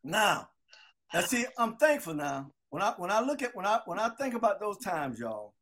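A man's voice: high-pitched, normal speed, a little hiss or hum. A man in his sixties telling stories about his youth in casual conversation with old friends. He acts out the quotes. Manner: animated storyteller, acts out quotes. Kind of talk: storytelling reunion chat.

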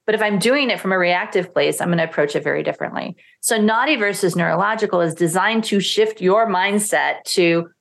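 A middle-aged woman talking as a parenting coach in a podcast interview, animated and acting out quoted thoughts. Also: on the low side, fairly quick, gravelly, few pauses. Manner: animated, acts out quoted thoughts in lively voices.

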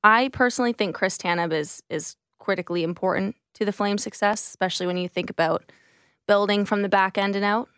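A woman hosting a sports radio show on a studio microphone, chatty and quick to laugh. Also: medium pitch, fairly even intonation, fairly bright tone, smooth, dry recording.

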